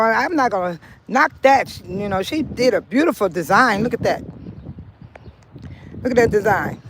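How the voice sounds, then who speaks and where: A woman's voice: mid-range voice, rough recording. Woman, casual local vlog, repeats herself, bursts of exclamation, phone mic outdoors, faint traffic behind. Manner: chatty, repeats herself, sudden loud exclamations. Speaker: local vlogger. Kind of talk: casual walking-tour vlog. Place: driving, then walking outdoors in a park.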